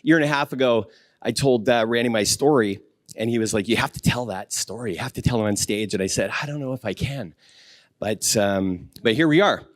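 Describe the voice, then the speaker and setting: A man's voice: lowish voice, fairly quick, no echo. A man in his fifties speaks from a conference stage in a dry, close sound, earnest and a little self-deprecating. He trips over fillers and restarts, and now and then sounds near to tearing up. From Canada. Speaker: keynote speaker. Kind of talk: conference keynote talk.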